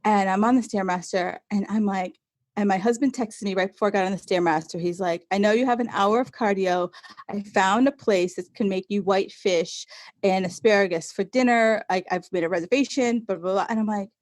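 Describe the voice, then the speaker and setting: A woman in her forties, a podcast guest, telling a personal story in an animated way and acting out what people said. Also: medium pitch, a little fast, no room sound. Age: 40s. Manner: animated storyteller, acts out quotes. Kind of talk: casual podcast interview.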